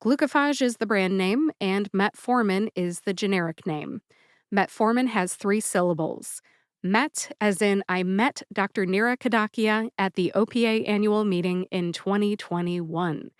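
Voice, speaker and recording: A woman hosting a pharmacist's podcast, speaking deliberately and spelling out syllables in a scripted educational style. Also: medium pitch, clean tone, no room sound, studio quality. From United States.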